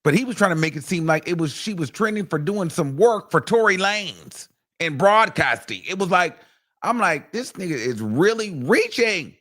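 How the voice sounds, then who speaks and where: A man's voice: high voice, normal speed. A man hosts a casual commentary stream in a loose, gossipy way, with plenty of fillers and profanity. He throws his voice up and down as he acts out other people's words. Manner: chatty, animated and profane, with lots of fillers. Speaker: host.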